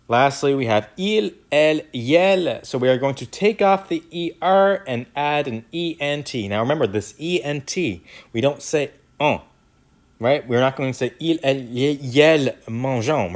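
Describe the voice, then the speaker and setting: A man teaching a French grammar lesson in a casual, explanatory way, walking through each step and checking in often. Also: mid-range voice. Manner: lively, repeats "right?" and "easy enough", walks through steps.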